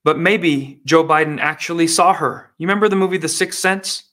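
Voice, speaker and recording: A man's voice: a little high, moderate pace, fairly bright tone. A man performing political stand-up comedy in a sarcastic, mocking manner.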